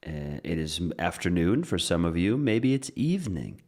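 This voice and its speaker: A very deep-voiced man teaching English pronunciation in an upbeat way. He explains each point step by step and reads short rhymes to a steady beat. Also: moderate pace. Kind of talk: online English pronunciation lesson.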